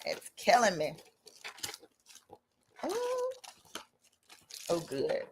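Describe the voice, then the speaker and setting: A woman's voice: medium pitch, huge pitch swings, extremely slow, noisy background. A woman with a Southern US accent, an attorney hosting a livestream, chatting casually and telling a story with quoted voices, bothered by a cough. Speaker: attorney and channel host.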